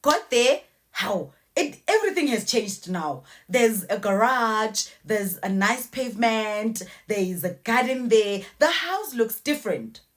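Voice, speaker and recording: A young woman telling a personal story in a casual, animated way. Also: fairly high pitch, a little slow. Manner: animated, acts out voices.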